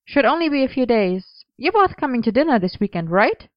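A woman voicing a cheerful, bossy young woman who makes costumes, with a brisk, teasingly stern manner, in a storybook reading. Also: on the high side, very animated, no echo, muffled recording, pitched above the performer's own voice.

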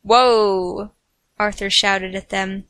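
Snarky, bright-voiced woman storyteller. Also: fairly high pitch, measured pace, no echo. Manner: snarky asides, playful. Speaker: fan fiction reader. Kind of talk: comic story narration.

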